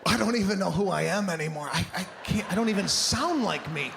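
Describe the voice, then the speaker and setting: A man doing stand-up, telling a story in an animated, exasperated way, swinging between loud bursts and mutters. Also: sits high, a little fast, gravelly, noisy background. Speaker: stand-up comedian.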